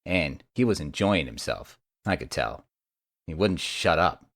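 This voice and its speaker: A man voicing a battered young male mage who talks in a croaky voice, blunt and profane. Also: very deep voice, animated, measured pace, a bit bright, no echo, clean studio sound, full character voice. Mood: weary.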